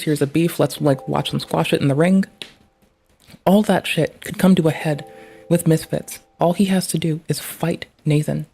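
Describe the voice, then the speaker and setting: A man's voice: fairly high pitch, creaky, a little mellow. A man streaming live, reacting to a clip with profane, ranting commentary.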